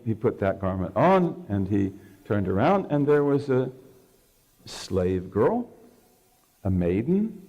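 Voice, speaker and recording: In dull-sounding audio, an Islamic scholar with a lowish, dark-toned voice delivers a religious lecture. He tells a story, acting out the quoted lines, and puts questions to his listeners.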